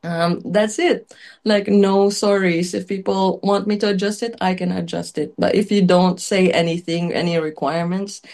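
A woman's voice: on the low side, steady tone, moderate pace, a little mellow. A woman chef telling her story in a chatty, emotional way, full of fillers and little laughs, her voice wavering with tears at times. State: tearful at times. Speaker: chef, interview guest.

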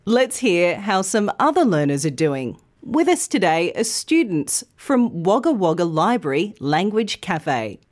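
A woman hosting a podcast, giving a clear, carefully articulated English pronunciation lesson. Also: fairly low pitch, very animated, unhurried, hardly any pauses, darkish tone. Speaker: language podcast host.

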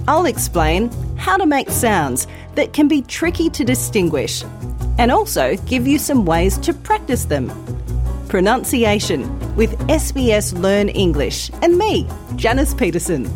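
A woman teaching English pronunciation in a scripted podcast lesson, speaking slowly and enunciating every sound carefully. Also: medium pitch. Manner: slow, clear, carefully enunciated.

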